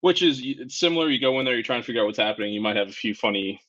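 Man, bright tense voice, opinionated movie chat, quick bursts, dull lo-fi recording. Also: medium pitch, lively intonation. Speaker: podcast co-host. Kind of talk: casual movie review chat. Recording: dull lo-fi sound.

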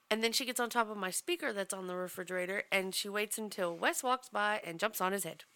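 A woman's voice: medium pitch, a little fast, bright, forceful tone. A woman co-hosting a podcast, telling an anecdote in casual chat, laughing and swearing casually. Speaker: podcast co-host.

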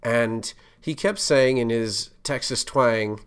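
A man's voice: mid-range voice, slow, hardly any pauses, clear, resonant tone. A man hosting a podcast, giving casual career advice in a conversational, loosely rambling way full of asides.

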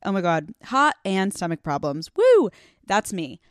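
A woman's voice: fairly low pitch, animated, moderate pace, a bit bright, no echo, clean studio sound. A woman in her thirties hosting a casual solo podcast, talking in a candid, profane, self-mocking way with lots of fillers and restarts. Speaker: podcast host.

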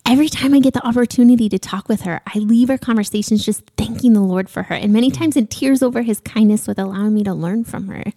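A woman co-hosting a podcast, speaking earnestly and from the heart. Her tone is warm and mellow. The sound is close and dry. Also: a little high, fast, few pauses, no echo. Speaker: podcast co-host. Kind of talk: casual chat.

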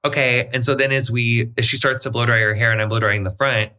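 A man in his thirties telling a workplace story in casual podcast chat, animated and quick, full of "like", acting out quotes. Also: medium pitch. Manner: animated, fast, lots of "like", acts out quotes. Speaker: podcast guest.

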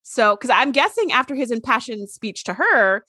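Woman, podcast co-host, casual chat, laughs a lot, rather high, very expressive pitch. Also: moderate pace, breathy edge, no room sound, clean studio sound. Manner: laughs often, fillers like "like", mocking quoted asides. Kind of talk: casual chat recapping a TV episode.

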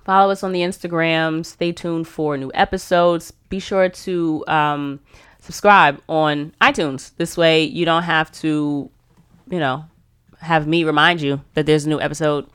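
A woman's voice: deep voice, steady tone, a little slow, fairly bright tone, smooth. Rambling, laughing woman podcast host. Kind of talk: casual podcast chat.

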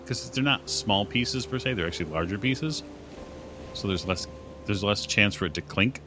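A man running a tabletop horror game as game master, narrating events calmly and calling for dice rolls. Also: lowish voice, normal speed, background noise.

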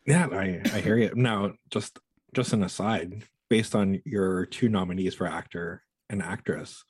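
A man's voice: sits low, a little slow, slightly rough, dry recording, low-quality recording. A man co-hosting a casual film chat, joking and blunt, swearing freely. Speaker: co-host.

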